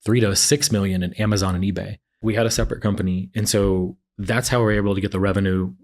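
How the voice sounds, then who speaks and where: A man's voice: lowish voice, fairly even intonation, fast talker, a little mellow. A man in his forties, an entrepreneur telling his story in a casual interview and acting out what others said. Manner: storytelling, acts out quotes of others. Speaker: entrepreneur guest.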